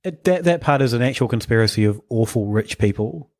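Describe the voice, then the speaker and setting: A man's voice: mid-range voice, lively intonation, a little fast, darkish tone, no echo. Chatty man on a dry mic. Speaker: podcast co-host. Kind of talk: casual chat.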